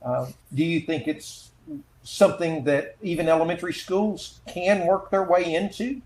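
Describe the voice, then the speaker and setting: A man with a fairly high voice moderates a panel and reads out audience questions. He hesitates and fills pauses as he goes. The sound is roomy and echoey, with faint noise underneath. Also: steady tone, a little mellow. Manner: hesitant, with many fillers while reading names. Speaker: webinar moderator.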